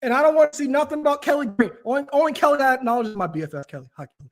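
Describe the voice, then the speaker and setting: A man's voice: extremely high pitch, expressive, racing. A man hosting a casual talk show, ranting animatedly with frequent restarts. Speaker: podcast host. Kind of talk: casual chat.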